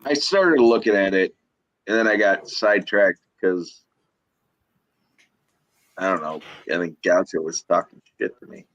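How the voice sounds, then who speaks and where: A man's voice: sits low, measured pace, pauses often, fairly bright tone, dry recording, dull audio. A man co-hosting a live sports betting show, teasing his co-hosts with profane banter and frequent laughs. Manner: teasing, laughs often, swears freely.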